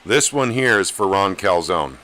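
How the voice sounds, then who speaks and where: A man over thirty-five hosts a live podcast chat in a plain-spoken, rallying way, and his voice sits a little low. His tone is bright and forward. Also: animated, moderate pace. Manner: plain-spoken, rallying, calls viewers "gang". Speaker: podcast host. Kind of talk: casual live-stream chat.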